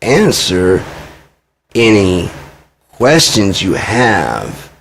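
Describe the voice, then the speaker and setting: A man's voice: fairly low pitch, sing-song, very slow, vocal fry, a little hiss or hum. A man in his forties venting to camera in a rambling, profane monologue, full of "I'm like" asides. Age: 40s. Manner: agitated, profane, heavy use of "I'm like". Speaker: vlogger.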